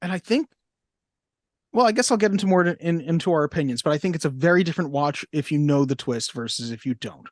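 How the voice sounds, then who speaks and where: A man's voice: on the high side, expressive, fast talker, dry recording, studio quality. A man co-hosting a casual movie podcast, recapping a plot with fillers and frequent laughs. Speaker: podcast co-host.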